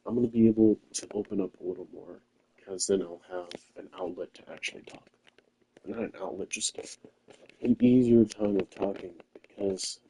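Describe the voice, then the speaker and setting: A young man talking quietly to himself while streaming a game late at night in his quiet home. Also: deep voice, a little hiss or hum, rough recording. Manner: quiet, rambling, self-talking. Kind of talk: casual late-night gameplay stream chat. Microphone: controller or headset mic held close.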